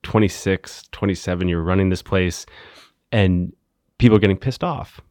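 A man's voice: deep voice, moderate pace, darkish tone, no echo, studio quality. A man hosting an interview, asking questions casually with lots of "like" fillers. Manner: casual, uses many "like" fillers. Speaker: interviewer, host. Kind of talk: conversational interview.

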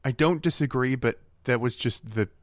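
Man, mid pitch, dry close mic, teasing deadpan podcast banter. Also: moderate pace, no echo. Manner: teasing, wry, deadpan needling. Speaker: podcast co-host. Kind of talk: casual comedic chat.

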